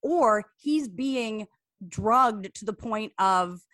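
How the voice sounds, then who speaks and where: A woman co-hosting a podcast in casual chat, animated and full of restarts. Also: on the high side, no echo, studio quality. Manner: animated, talks in rapid bursts with many restarts. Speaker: podcast co-host.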